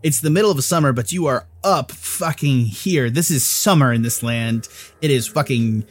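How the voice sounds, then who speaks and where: Brief: easygoing game master, mid-pitched man, loose narration with fillers. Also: moderate pace, no echo. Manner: casual, loose and profane, many fillers.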